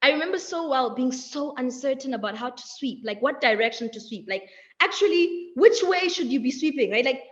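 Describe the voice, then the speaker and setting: A young woman with a high voice gives a reflective motivational talk, letting her phrases stretch out and tagging them with "right?". The audio is a bit dull and muffled, like a typical webinar call. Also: expressive. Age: young adult. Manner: measured, drawn-out phrasing, frequent "like" and "right?". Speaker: webinar speaker.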